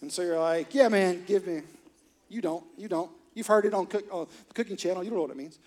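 A man's voice: sits high, fast, a little mellow. A middle-aged man preaching as a pastor, telling a story and joking with the congregation. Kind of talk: sermon with storytelling. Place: church auditorium.

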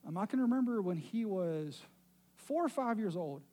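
Brief: middle-aged male pastor, high pitch, mellow tone, storytelling sermon with light humor. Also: expressive, moderate pace. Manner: storytelling, self-deprecating humor.

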